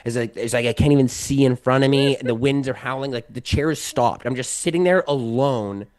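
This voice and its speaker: A man chatting as a podcast guest, spinning a long anecdote with a steady mid-range voice. He rambles, fills every gap with "like" and keeps restarting his sentences. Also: medium pitch, fairly quick. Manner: rambling, heavy use of "like", many restarts. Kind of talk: casual storytelling.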